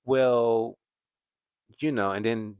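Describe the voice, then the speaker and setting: Low-voiced guy rambling on a live stream, lots of ums, dry close sound. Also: lively intonation, moderate pace, no echo. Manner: rambling, hesitant, many fillers and restarts. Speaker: commentary channel host. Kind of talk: casual live-stream commentary.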